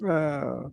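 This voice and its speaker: A man's voice: on the high side, vocal fry, a bit bright, no room sound. A man co-hosting a radio show who laughs often and chimes in with short replies. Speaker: radio co-host. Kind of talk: casual radio banter. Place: radio studio.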